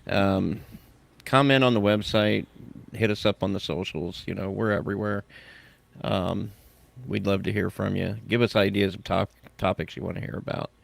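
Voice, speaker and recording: A man's voice: on the low side, steady tone, moderate pace, gravelly. A man hosting a podcast, chatting and joking, then reading tech news items aloud. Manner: joking, self-mocking, reads items aloud. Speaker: podcast host.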